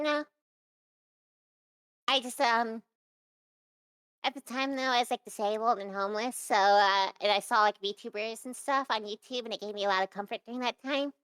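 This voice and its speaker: A young adult woman talks casually as an interview guest, rambling through her thoughts with many fillers and false starts. Her voice is smooth and clear, recorded close and dry with no room sound. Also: a little high, moderate pace, fairly bright tone, no echo.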